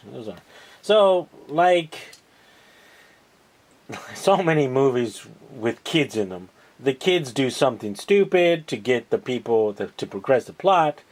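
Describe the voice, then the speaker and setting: A man recapping TV episodes in a casual, rambling way, sarcastic and mocking, halting over many fillers. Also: mid-range voice. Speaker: podcast host recapping TV episodes.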